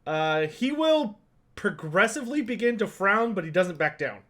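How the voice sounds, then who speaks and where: High-voiced man narrating as game master. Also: animated, normal speed, a bit bright. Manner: casual, filler-heavy narration.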